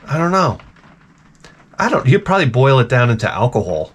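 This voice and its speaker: A man's voice: medium pitch, very animated, fairly quick, pauses often, husky. A man hosting a retro gaming channel, ranting in a profane, rambling, sarcastic way. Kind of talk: casual comedic rant.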